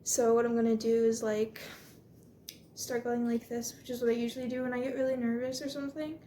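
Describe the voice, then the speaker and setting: A woman's voice: a little high, flat delivery, brisk. Chatty young woman training her dog. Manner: chatty and reassuring, with soft praise for the dog. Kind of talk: casual vlog narration. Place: home room with a couch. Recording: echoey room, faint noise.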